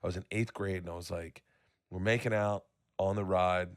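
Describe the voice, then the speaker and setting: A middle-aged man with a lowish voice tells raunchy stories on a podcast, loose and animated. He acts out his own past lines with gusto. The recording is dry and close. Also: normal speed, no room sound. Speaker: podcast guest. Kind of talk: casual podcast storytelling.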